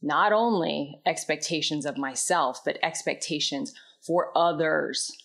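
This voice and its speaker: Slow, low-voiced reflective woman. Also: creaky. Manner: candid, introspective, trailing into soft quiet phrases. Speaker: vlogger. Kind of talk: personal reflective storytelling.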